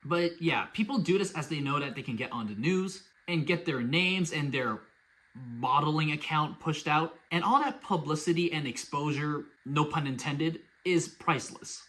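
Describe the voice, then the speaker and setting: A man's voice: on the high side, normal speed. A man hosting a casual commentary vlog, talking in a sarcastic, exasperated way. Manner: sarcastic, exasperated, lively storytelling. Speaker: YouTube commentary host.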